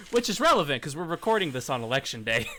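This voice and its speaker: A man's voice: on the high side, pushed and bright, slight background noise. A young man from Illinois co-hosting a casual podcast chat, joking and laughing often. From Illinois, USA. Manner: giggly, joking, laughs a lot. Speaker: podcast co-host.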